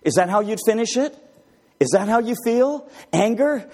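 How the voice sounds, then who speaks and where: With a high-sitting voice and moderate pace, a man delivers an animated sermon, firing rhetorical questions at his listeners in the congregation.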